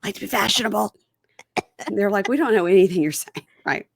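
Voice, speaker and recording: A woman's voice: medium pitch, quick pace, creaky, breathy edge, no room sound, studio quality. A woman hosting a podcast, chatting casually and acting out lines in funny voices. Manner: animated, acts out quotes in funny voices. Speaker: podcast host. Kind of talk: casual chat recapping a reality show.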